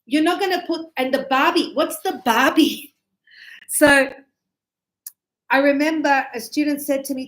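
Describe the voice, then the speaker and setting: An Australian-accented woman teaches English in an online lesson, explaining phrases chattily and acting out examples. Her voice is high-pitched and unhurried with frequent pauses, recorded in an echoey room.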